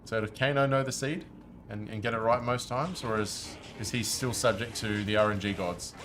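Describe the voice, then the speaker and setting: Low-voiced chatty male game streamer. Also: fairly even intonation, moderate pace, noisy background. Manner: chatty, talks to viewers while playing. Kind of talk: casual live-stream commentary.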